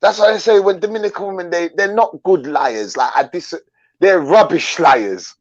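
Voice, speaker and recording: A man's voice: high voice, normal speed, no echo, muffled recording. A man bluntly telling slangy stories in a casual live chat.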